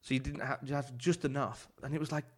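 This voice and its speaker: A man from England in his forties tells rambling kitchen stories in a casual chat. He talks loosely, swears freely and laughs often, with a voice of middling pitch. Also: steady tone, quick pace. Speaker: chef guest.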